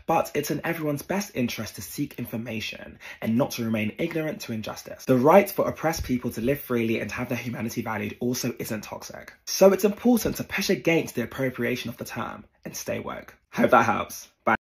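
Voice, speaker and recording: Mid-pitched male narrator, measured, explains history clearly. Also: animated.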